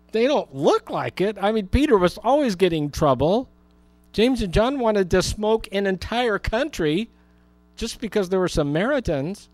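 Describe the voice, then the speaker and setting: A man's voice: sits high, darkish tone, dry recording. A man preaching a Bible teaching sermon in a conversational way, with humorous asides. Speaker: pastor.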